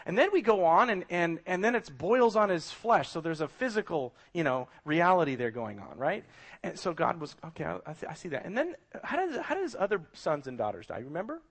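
A man's voice: a little high, sing-song, a little fast. A middle-aged man preaching a sermon as a pastor, emphatic and full of rhetorical questions.

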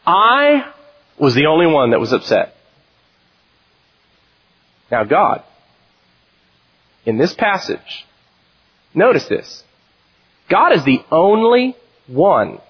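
A male pastor preaching a sermon in an animated way and reading scripture aloud. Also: a little high, slow pace, pauses often, breathy edge, dull audio.

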